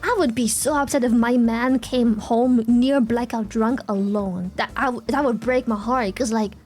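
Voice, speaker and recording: A high-pitched young woman talks casually to her live-stream audience. She rants with lively emphasis, swears freely and keeps answering chat. Soft music plays faintly underneath. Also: moderate pace. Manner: animated ranting, swears freely, reacts to chat.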